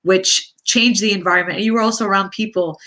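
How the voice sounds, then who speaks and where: A woman's voice: medium pitch, fairly even intonation, fast talker, bright, forceful tone. A woman with a Canadian accent hosting a live interview as a counsellor, affirming and encouraging, often adding Islamic blessings. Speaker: counsellor and host.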